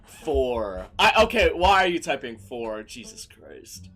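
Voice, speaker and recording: A young man commentating a game as a streamer, excitable and profane, breaking into shouted rants. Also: medium pitch, slow, slightly rough, soft background music. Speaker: gaming streamer. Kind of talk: let's play commentary.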